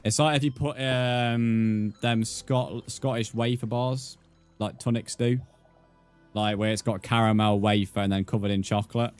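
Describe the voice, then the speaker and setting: A man's voice: fairly low pitch, fairly even intonation, unhurried, soft background music. A young man streaming, chatting casually with viewers, swearing freely and calling them mate. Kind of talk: casual live-stream chat.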